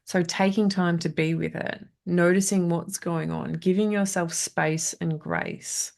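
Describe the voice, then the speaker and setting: Woman in her 30s, trauma coach, chatty conversational delivery; low, gravelly register. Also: fairly even intonation, a little slow, a little mellow. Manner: chatty, frequent "right?" and "like". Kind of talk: casual spoken masterclass.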